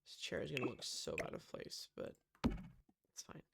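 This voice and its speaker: Against a noisy background, a woman speaks at normal speed while she builds a room in a life-sim game. She chats casually as a Sims builder, gasping and saying "um" a lot.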